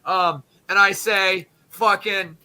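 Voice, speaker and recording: A man streaming, telling a crude comic story in a profane, rambling way with quick asides. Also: high voice, fairly even intonation, pushed and bright.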